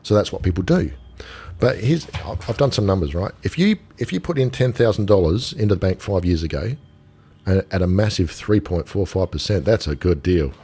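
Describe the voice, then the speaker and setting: Husky-voiced Australian man, low and lively. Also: fairly quick. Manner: animated storyteller, acts out quoted voices. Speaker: gold dealer guest. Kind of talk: casual podcast chat.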